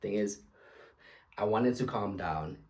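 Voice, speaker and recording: A man's voice: lowish voice, slow, a little mellow. A young man hosting his own show, ranting angrily about football refereeing with lots of swearing and sarcastic outbursts. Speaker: podcast host. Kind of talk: angry football rant.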